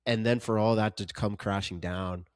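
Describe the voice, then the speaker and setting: A man's voice: lowish voice, fairly even intonation, moderate pace, clean tone, no echo, clean studio sound. A man co-hosting a podcast, chatting casually about a film in an earnest, emphatic way and often stumbling over repeated words. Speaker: podcast co-host. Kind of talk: casual film review chat.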